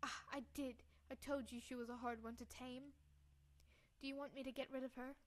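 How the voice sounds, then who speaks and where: A cool, scheming aunt with a stern, brisk way of speaking, as a woman reading a game puts her on. She sounds in control and quietly cold. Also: sits high, little pitch movement, lightly acted.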